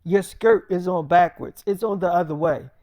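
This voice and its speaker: A man voicing a jealous, angry young boyfriend who accuses and curses loudly. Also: high-pitched, moderate pace, no room sound, lo-fi sound, close to an everyday voice. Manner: accusing, cursing, loud.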